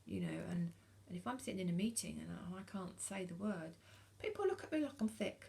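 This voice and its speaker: Gravelly-voiced British woman in her forties. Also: lowish voice, very animated, a little fast, mellow. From United Kingdom. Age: 40s. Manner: hesitant, many ums and restarts; frank and earnest. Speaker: vlogger. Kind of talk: casual talk to camera.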